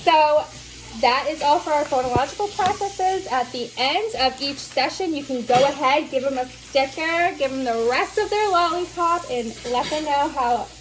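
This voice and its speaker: A woman teaching as a speech therapy instructor, slowly over-enunciating the sounds she models. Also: high-pitched, slight background noise, low-quality recording. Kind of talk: instructional demonstration.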